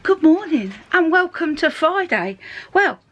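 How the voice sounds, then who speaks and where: A woman's voice: extremely high pitch, sing-song, a little slow, a bit bright. A middle-aged woman narrating a casual vlog to camera in a chatty, upbeat way. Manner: chatty and upbeat, with frequent laughs. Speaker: vlogger.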